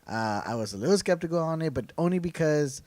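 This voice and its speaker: Texan man, rambling, filler-heavy, excited, dry close mic. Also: fairly high pitch, fast, dry recording. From South Texas. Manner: enthusiastic, rambling with many fillers. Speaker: podcast co-host. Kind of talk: casual chat.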